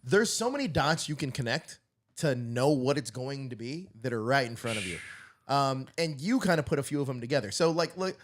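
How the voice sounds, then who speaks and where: A man hosting a relaxed fan livestream at a middle pitch. He talks in loose, wandering runs full of fillers and asides. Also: brisk. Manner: rambling, filler-heavy speculation. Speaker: host. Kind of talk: casual livestream chat.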